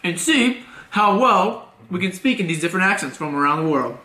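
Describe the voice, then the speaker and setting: A man's voice: sits high, animated, brisk, sharp tone. Chatty young man from Alabama vlogging. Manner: chatty, filler-heavy, playful. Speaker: family vlogger. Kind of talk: casual vlog talk. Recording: echoey room with faint music.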